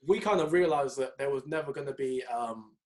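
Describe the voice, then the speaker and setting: A young man, co-hosting a podcast and telling stories in a casual, animated way. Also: medium pitch, fairly quick. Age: young adult. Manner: animated storytelling, mimics people in raised voices. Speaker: podcast co-host. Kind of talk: casual chat.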